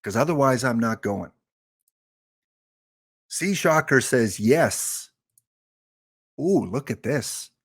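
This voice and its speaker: A man's voice: mid-range voice, lively intonation, slow pace, pauses often, breathy edge. A man streaming a game live, chatting and joking with his viewers. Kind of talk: casual live-stream chat.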